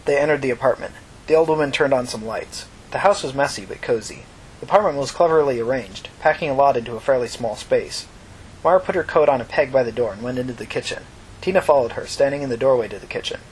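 A man narrating a novel chapter aloud in a brisk, expressive reading. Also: mid-range voice, a little hiss or hum, rough recording. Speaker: audiobook narrator.

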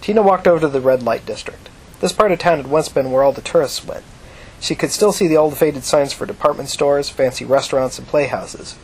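A man narrating an audiobook in a steady, measured reading. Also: on the high side, slightly rough.

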